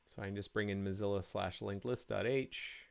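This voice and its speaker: A man's voice: fairly low pitch, fairly even intonation, brisk, creaky, smooth. A man live-streaming his coding work, talking through each step casually with many fillers and restarts.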